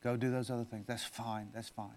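A man pastor preaching a sermon, swinging from loud, forceful declarations down to a soft, intimate appeal. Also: medium pitch, level tone, a little fast. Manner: preaches with loud swells, then drops to soft, close talk.

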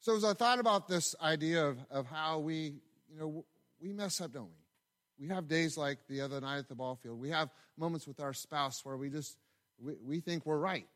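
Male pastor, mid-high voice, chatty storytelling sermon delivery. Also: moderate pace, a bit bright. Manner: conversational, storytelling with asides and repetitions.

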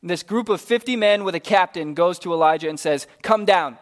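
A man preaching a sermon, telling a Bible story with animated, casual acted-out voices for its characters. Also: high voice, fairly quick.

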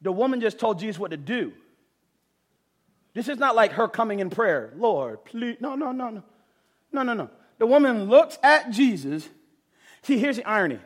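Playful and animated, this thirtysomething pastor delivers his sermon in a high voice at normal speed, leaving long pauses. He lurches from loud bursts to quiet asides and repeats words to drive points home.

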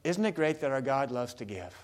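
A man's voice: medium pitch, big pitch swings, a little fast. A man preaching a sermon, talking casually with the congregation and asking them questions. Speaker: pastor.

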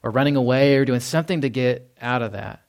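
A man's voice: mid-range voice, fast, darkish tone. A male pastor giving a conversational sermon, often repeating words and acting out everyday voices. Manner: conversational, with many restarts and acted-out quotes.

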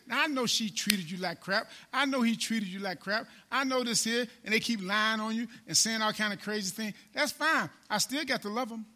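A preacher with a very high, bright and sharp voice delivers a sermon in call-and-response style. He repeats his lines, calls on the congregation to answer, and swings between loud and hushed. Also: moderate pace, few pauses. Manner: call-and-response preaching, repeats phrases, rises and drops in volume.

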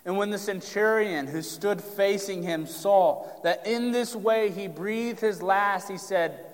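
A man's voice: high voice, slow pace, hardly any pauses. Preaching man in a reverberant hall. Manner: preaching with rising emphasis, direct address to congregation. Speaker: pastor. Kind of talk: sermon.

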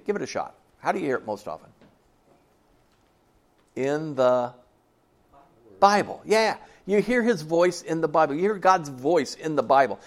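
A man in his sixties preaching a sermon to a church congregation in a folksy, conversational way, often asking them questions. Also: fairly high pitch. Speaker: pastor.

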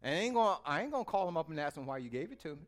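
A man preaching a sermon in a folksy way, talking straight to his listeners and swinging from quiet musing to loud exhortation. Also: a little high, sing-song, racing. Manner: folksy, speaks to the listeners directly.

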